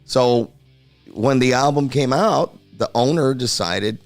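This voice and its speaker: Animated middle-aged man telling stories. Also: medium pitch, slow, faint music behind. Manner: animated, acts out other people's voices. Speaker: guest, heavy metal singer. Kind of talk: casual podcast storytelling.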